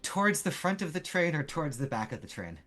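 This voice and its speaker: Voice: medium pitch, sing-song, fast talker, fairly bright tone. A game master narrating a tabletop game in a casual, loose way, with fillers and the odd swear word.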